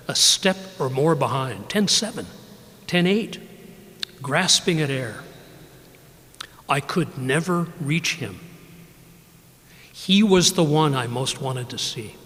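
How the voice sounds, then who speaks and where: An older man reads his own poetry aloud at a live library event, taking his time and letting many lines fall quiet. His voice sits a bit high for a man. The room gives a long, lingering reverb around every phrase. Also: lively intonation. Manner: measured, unhurried reading with soft drops in level. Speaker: poet reading his work.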